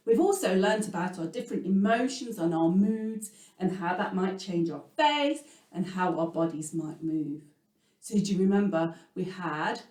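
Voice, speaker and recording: An English woman leading a children's music lesson, animated and sing-song, swinging between loud words and whispers. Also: medium pitch, measured pace. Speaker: music teacher. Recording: echoey room, voice from a distance.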